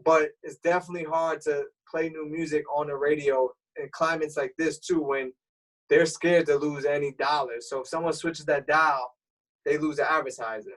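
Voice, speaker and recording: A man being interviewed as a radio DJ, explaining things in a relaxed, streetwise way. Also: fairly high pitch, moderate pace. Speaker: radio DJ guest. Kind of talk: casual interview chat. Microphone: remote call. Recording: voice a bit far from the mic.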